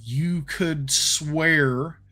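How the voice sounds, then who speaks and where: A man's voice: on the high side, drawn-out words, pushed and bright. Southern man running a tabletop game. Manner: hesitant, many ums and restarts. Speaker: game master.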